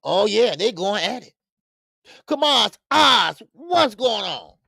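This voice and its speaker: A man hosts a boxing livestream in a slow, slangy, rambling way, greeting viewers in the chat by name. His voice is gravelly and swings widely in pitch, and it sounds dry and close. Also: sing-song, sharp tone, no echo. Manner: rambling with stammered restarts. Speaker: boxing show host. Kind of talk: casual live-stream talk.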